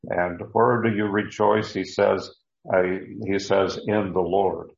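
Deep-voiced man teaching scripture. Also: steady tone, creaky, echoey room, lo-fi sound. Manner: deliberate, with frequent fillers and repeated words. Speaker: Bible teacher. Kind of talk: verse-by-verse Bible teaching.

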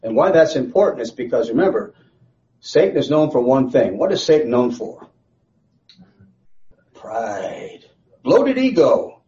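A man's voice: mid-range voice, very animated, unhurried, pauses often, dark tone. A man teaching a Bible study in a conversational, rambling way, often restarting his sentences. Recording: slightly dull lo-fi recording.

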